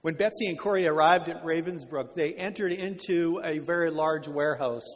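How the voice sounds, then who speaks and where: A man preaching a sermon, telling a story earnestly and slowing down on key words. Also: on the high side, long reverb tail. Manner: earnest, slows down for emphasis.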